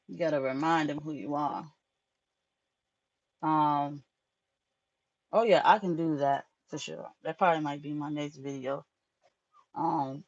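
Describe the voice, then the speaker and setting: A woman's voice: deep voice, lo-fi sound. Frank, profane woman chatting on a live stream. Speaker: tarot reader hosting a live stream. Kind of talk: casual live-stream chat.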